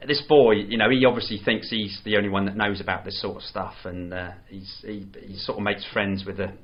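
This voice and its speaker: A man's voice: fairly low pitch, fairly even intonation, a little fast. Rambling man on a lo-fi podcast. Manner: rambling, full of restarts and "you know". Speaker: podcast co-host. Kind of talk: casual chat reviewing a film. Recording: dull lo-fi podcast audio.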